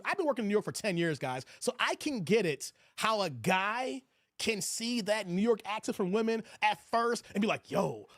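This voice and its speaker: A man with a fairly high voice hosts a livestream and talks in a loud, animated, crude way, reacting to his chat as he goes. The sound is dry and close, with almost no room around it. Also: no room sound. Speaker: host of a livestream commentary show. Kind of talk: casual commentary reading live chat.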